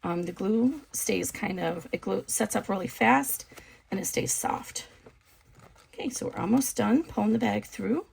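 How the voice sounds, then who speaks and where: A woman casually explaining a sewing project step by step, relaxed and chatty with frequent ums. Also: mid-range voice, measured pace, gravelly, breathy edge. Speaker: sewing instructor. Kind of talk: casual craft tutorial.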